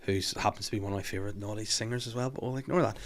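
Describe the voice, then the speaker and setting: Fast-talking man telling a story. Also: fairly low pitch. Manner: animated storyteller acting out scenes. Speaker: podcast host. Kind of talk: casual chat.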